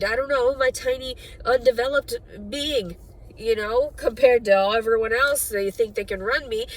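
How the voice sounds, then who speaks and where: A woman's voice: on the high side, far from the mic. A woman venting in an angry, profane, bitter personal rant for her video diary. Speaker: vlogger.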